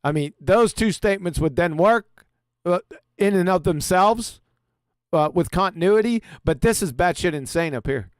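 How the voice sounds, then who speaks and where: A man's voice: high-pitched, expressive, moderate pace, clean tone, dry recording. A man hosting a livestream in a casual chat, reading text aloud with chuckles and sarcastic asides.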